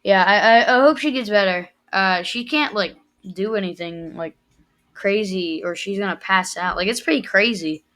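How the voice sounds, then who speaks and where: A woman's voice: medium pitch, moderate pace, a bit bright. A teenage girl telling a rambling, emotional story in a casual vlog, full of fillers. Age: teens. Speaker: vlogger.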